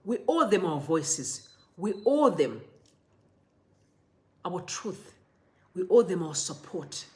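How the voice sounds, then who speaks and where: A woman's voice: fairly low pitch, sing-song, slow, a little mellow. A woman from Zimbabwe, hosting impassioned political commentary and speaking directly to her viewers with emphatic repetition.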